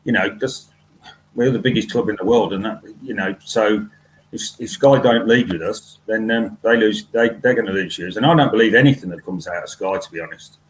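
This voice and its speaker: A man's voice: on the low side, a little fast, slight background noise, poor audio. A man on a fan podcast panel who talks bluntly and wryly, with frequent fillers. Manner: blunt, wry, with many fillers.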